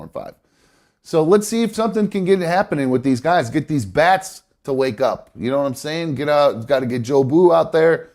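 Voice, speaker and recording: A male live-show host, his nose stuffed up, drifts through a casual baseball chat packed with fillers, restarts, and self-corrections. He has a mid-range voice that's slightly mellow.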